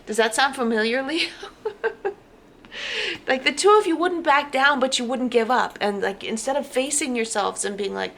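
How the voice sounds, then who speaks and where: Gravelly-voiced woman reading tarot. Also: fairly high pitch, measured pace, a little hiss or hum. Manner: animated, emphatic repetition. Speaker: tarot reader. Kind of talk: casual tarot reading to camera.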